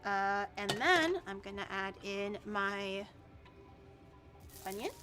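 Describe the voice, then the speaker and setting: A woman's voice: medium pitch, expressive, takes it slowly, sharp tone, faint music behind. A woman vtuber chatting casually to her chat while cooking at home, with frequent swearing and stuttered, repeated words. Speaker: vtuber streamer. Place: home kitchen.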